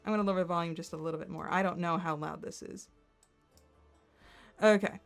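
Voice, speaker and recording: A woman's voice: lowish voice, fairly quick, creaky, faint music behind. Giggly, rambling young woman streamer. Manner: excitable and rambling, many "like" fillers and giggles. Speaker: streamer reacting to content. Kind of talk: casual chat while screen-sharing.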